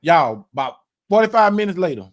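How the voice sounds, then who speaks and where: A man, hosting a casual podcast and telling an animated story, repeating words and swearing as he acts out quotes. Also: high-pitched, a little fast. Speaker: podcast host.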